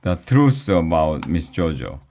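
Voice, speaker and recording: A man with a very low voice reads a children's chapter book aloud. His delivery is slow and deliberate, each phrase laid out evenly. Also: sing-song, dark tone. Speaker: reader.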